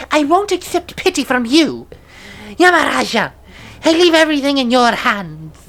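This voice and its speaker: A woman's voice: sits high, very animated, unhurried, fairly bright tone, pitched above the performer's own voice, exaggerated voice. A woman voicing a dying female cat spirit mother in a video game, bitter and proud, with a cough in her voice. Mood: defiant.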